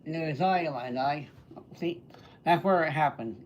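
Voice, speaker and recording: A man's voice: a little high, measured pace, pauses often, highs cut off, slight background noise. Easygoing male streamer chatting with viewers. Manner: easygoing, greets viewers by name and answers their questions. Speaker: livestreamer and entertainer. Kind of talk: casual livestream chat answering viewer comments.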